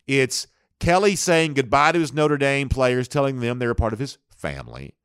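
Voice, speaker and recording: A man hosting a sports talk show, talking in an animated, conversational way. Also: medium pitch, smooth, no room sound, clean studio sound. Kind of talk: casual sports talk commentary.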